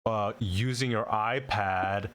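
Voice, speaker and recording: A man's voice: on the low side, takes it slowly, a bit bright. A man co-hosting a live stream, telling a story in an exasperated, casual way. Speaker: co-host. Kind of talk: casual chat.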